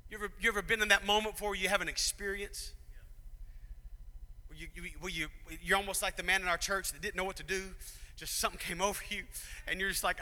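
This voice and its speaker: A man preaching a youth sermon, fervent, swinging from shouted peaks to quiet, fast asides. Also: long reverb tail. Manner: fervent, rising to shouts then dropping low.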